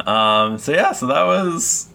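A man runs a tabletop game, speaking slowly and haltingly with frequent ums. His low voice has a gravelly rasp and a bright, forceful edge. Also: lively intonation, a little hiss or hum. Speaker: game master.

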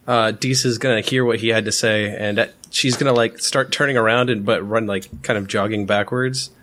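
A man with a lowish voice playing a tabletop game. He rambles through his character's actions, with many likes and uhs along the way. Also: steady tone, brisk, a bit bright. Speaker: player. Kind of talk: casual tabletop game chat.

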